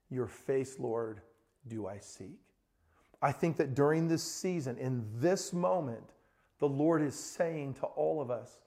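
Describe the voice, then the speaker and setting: A middle-aged man preaching a sermon as pastor, telling family stories in an animated way. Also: medium pitch, vocal fry. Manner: storytelling, animated, rises to excited shouting in anecdotes.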